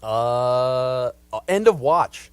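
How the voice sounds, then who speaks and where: A man's voice: medium pitch, animated, drawn-out words. A man in his twenties joining a sports radio chat, laid-back and talking casually. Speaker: radio show guest.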